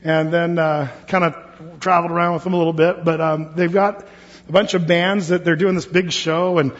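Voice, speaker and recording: A pastor from Oregon leading a Bible study in a church hall, talking casually with many fillers and restarts. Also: male voice, a little high, level tone, moderate pace. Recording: dull lo-fi sound with long hall reverb.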